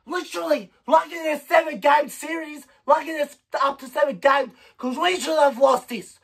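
A woman with a high voice yells a furious rant, swearing hard and barely pausing. A rough, gravelly edge sits on her words, and she sounds fed up. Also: distant mic. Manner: furious shouting, heavy swearing. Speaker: sports fan vlogger. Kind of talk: angry sports rant.

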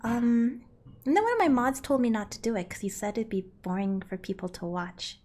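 A woman's voice: fairly high pitch, a little fast, warm tone. A woman streaming a game, chatting casually with her viewers, reading their messages aloud and answering with giggles and playful grumbles. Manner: yelps and grunts while playing. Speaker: streamer playing a climbing game. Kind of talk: casual live-stream chat.

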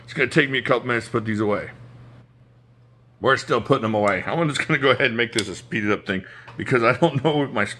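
Bright-toned man gushing over his knives. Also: on the low side, slight background noise. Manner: enthusiastic, jokey, chats to himself while handling knives. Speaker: knife collection YouTuber. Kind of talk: casual show-and-tell talk to camera. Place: indoors at home beside a knife drawer.

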